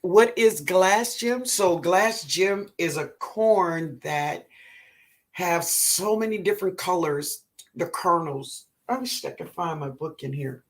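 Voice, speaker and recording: A woman with a New Orleans accent hosting a live gardening show, reading viewer comments aloud in a relaxed way and calling people baby. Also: fairly low pitch, takes it slowly. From Louisiana, US. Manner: calls viewers baby, laughs often. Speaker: gardening livestream host.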